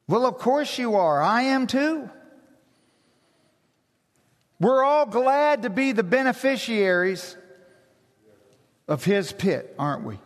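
A man preaching a sermon as pastor, slow and emphatic, building intensity. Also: high voice, very animated. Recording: long hall reverb.

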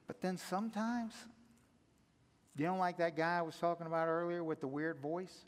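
An older man preaching a sermon as pastor, conversational and earnest, swinging from hushed to loud. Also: on the high side, fairly even intonation, normal speed. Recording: echoey hall reverb.

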